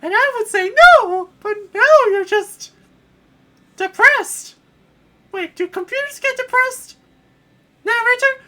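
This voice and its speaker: A man voicing a prim, easily annoyed princess in a high, theatrical falsetto while playing a game. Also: slow, pauses often, pushed and bright, heavily acted. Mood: puzzled. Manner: shrill, theatrical, indignant. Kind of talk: let's play voice acting.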